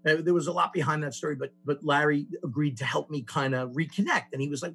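A man sharing his recovery story with a group, telling it in an animated way with many restarts. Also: a little high, fast, few pauses, breathy edge. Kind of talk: personal testimony to a group.

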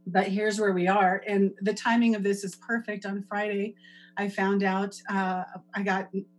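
A woman's voice: medium pitch, rough recording. A woman in her forties giving a heartfelt, emotional talk at a recovery meeting from her home office over a video call. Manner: heartfelt, laughing through tears. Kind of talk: emotional personal sharing.

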